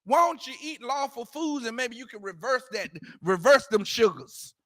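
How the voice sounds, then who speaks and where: Giving emphatic, repetitive scripture commentary, a man uses street slang and fires off rhetorical questions to his class. His very high-pitched, slightly bright voice has lively intonation and a moderate pace, with no echo and clean studio sound.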